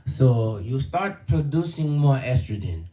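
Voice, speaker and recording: A man's voice: mid-range voice, animated, unhurried, mellow, echoey room, pitched below the performer's own voice, natural voice. A man playing a blunt female store clerk who lectures plainly, in close to his own voice. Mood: lecturing.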